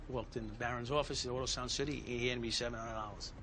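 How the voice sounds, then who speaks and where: A man's voice: medium pitch, fairly even intonation, fast talker, background noise. A man who is a former police officer, bluntly recounting events in a documentary interview and swearing heavily. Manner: blunt, heavy swearing, reenacts confrontations.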